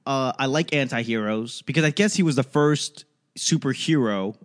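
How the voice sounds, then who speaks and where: A man's voice: medium pitch, moderate pace. A man from the United States in casual chat, laid-back, swearing freely and acting out quoted voices.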